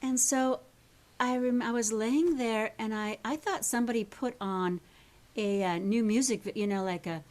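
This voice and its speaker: A woman's voice: on the high side, moderate pace, a little mellow. A woman coaching a live workshop group, talking in a chatty, rambling way and often checking in with the listeners.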